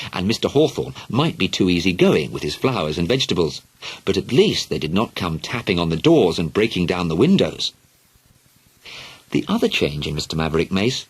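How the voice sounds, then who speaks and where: A man narrating children's stories with an expressive, playful reading. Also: low-pitched, slightly rough. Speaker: audiobook narrator. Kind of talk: storybook narration.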